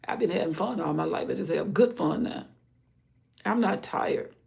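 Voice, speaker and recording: An older grandmother hosting a live stream, talking in a rambling, casual way about her day and her faith, often sinking into soft murmurs. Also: fairly low pitch, normal speed, vocal fry. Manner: rambling, warm-hearted, drifts into soft murmurs. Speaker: livestream host.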